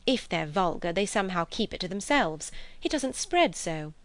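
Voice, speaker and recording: A woman's voice: fairly low pitch, very animated, normal speed. A woman reading aloud, voicing a blunt, opinionated middle-aged mother who declares things emphatically. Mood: emphatic.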